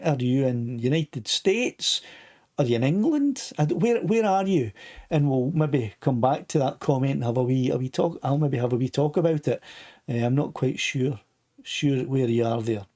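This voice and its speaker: A man's voice: medium pitch, animated, normal speed, a little mellow. Chatty Scottish man hosting a live stream. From Scotland. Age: older. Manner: rambling, chatty, reads out viewer comments. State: a bit of a sore throat. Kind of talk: casual live stream chat.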